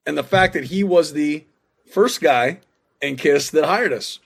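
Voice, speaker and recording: A man's voice: on the high side, unhurried, gravelly, a bit bright, slightly rough. Eager man, slightly raised voice. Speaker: musician guest. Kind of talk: casual interview chat.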